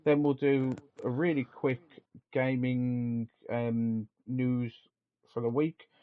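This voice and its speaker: A man's voice: medium pitch, flat delivery, takes it slowly. A man co-hosting a casual podcast, chatty and rambling, laughing often. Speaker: podcast co-host. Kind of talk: casual chat. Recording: dull lo-fi sound.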